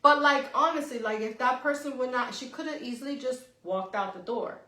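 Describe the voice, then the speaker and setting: Bright, animated, swearing woman. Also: sits high, brisk. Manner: animated, swears freely, says "right?" often. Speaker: podcast co-host. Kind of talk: casual storytelling chat. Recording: echoey room.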